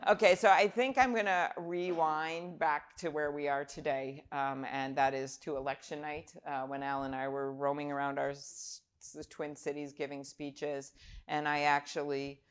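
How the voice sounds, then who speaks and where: Woman, low voice, chatty self-deprecating public speaker, funny anecdotes at a live event. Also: level tone, normal speed, smooth. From Minnesota. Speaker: senator speaking at a festival. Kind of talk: humorous storytelling speech to a live audience. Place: lecture room with an audience.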